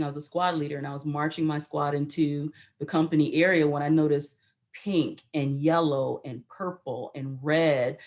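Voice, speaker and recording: Woman, middle-aged, from the US, lowish voice, animated storyteller, talk show guest. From United States. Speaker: guest, retired Army colonel.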